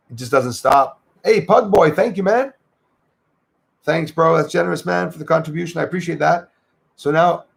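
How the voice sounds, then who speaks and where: A man's voice: a little high, creaky. A man with a Québécois French accent, casually chatting with viewers and thanking them by name on his livestream. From Quebec, Canada. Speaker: livestream host. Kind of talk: casual livestream chat reading comments.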